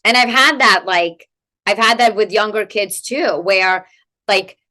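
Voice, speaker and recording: A woman guest expert explaining in a conversational interview, animated and peppered with "like" and "right?" tags. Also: mid-range voice, a little slow. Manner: animated, rhetorical "right?" tags, many "like" fillers. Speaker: guest expert in family coaching.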